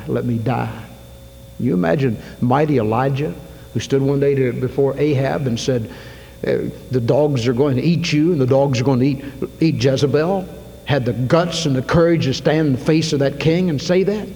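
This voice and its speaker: A man preaching a sermon in a church, telling a story with acted-out voices that swing from shouts to whispers. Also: on the high side, creaky. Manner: dramatic storytelling, acts out quotes, rising to shouts then dropping to whispers. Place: church sanctuary. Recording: long hall reverb, faint hum.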